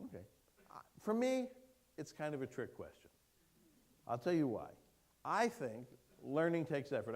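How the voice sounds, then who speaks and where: Guy doing a keynote in a lecture hall, engaging, asks the crowd stuff, mid pitch. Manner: lively, engaging, asks audience questions. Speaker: keynote speaker. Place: lecture hall before an audience.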